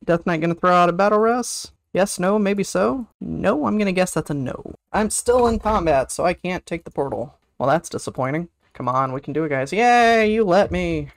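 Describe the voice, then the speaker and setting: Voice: mid-range voice, moderate pace, gravelly, few pauses, no echo. A livestream host chatting casually over online gameplay, teasing teammates, humming to themself and whooping at good moments. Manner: chatty, teasing, hums and sings to self, excited whoops.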